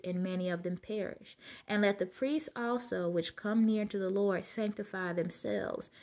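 A woman's voice: medium pitch, darkish tone. A woman reading Bible passages aloud and reflecting on them in a casual, conversational way. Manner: conversational, reads scripture aloud then muses informally. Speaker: Bible study vlogger.

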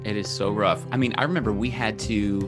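A man hosting a podcast, chatting in a relaxed way with his guest. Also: on the low side, a little fast, music in the background. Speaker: podcast host. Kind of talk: casual podcast conversation.

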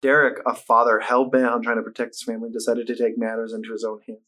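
A young man co-hosting a casual podcast, reading case notes in a plain, steady way before slipping into jokes. His voice is middle-pitched and ordinary, with a relaxed, buddy-chat feel. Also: fast. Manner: reads notes plainly, then jokes and laughs. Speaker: podcast co-host.

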